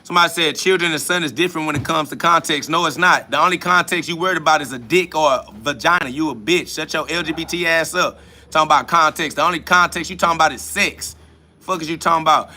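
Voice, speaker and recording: Blunt, profane man with a sharp voice. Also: on the high side, quick pace, a little hiss or hum. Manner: preachy, emphatic repetition. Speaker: podcast host. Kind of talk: livestream replies to chat comments.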